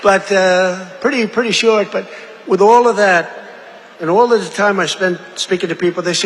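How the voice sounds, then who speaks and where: A man's voice: sits high, steady tone, normal speed, a bit bright. A man giving a rambling, repetitive rally speech, drifting between asides and acting out other people's lines. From United States. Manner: repetitive, digressive, acts out quoted voices. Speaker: political rally speaker. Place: large rally venue. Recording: echoey amplified rally hall.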